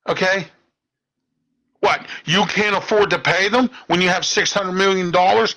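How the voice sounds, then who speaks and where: A man's voice: high voice, moderate pace, bright, forceful tone, low-quality recording. A man, hosting a talk show and delivering an indignant political monologue, ending phrases with "okay?". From Pittsburgh area. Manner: ranting, indignant, repeats "okay?" and "all right?".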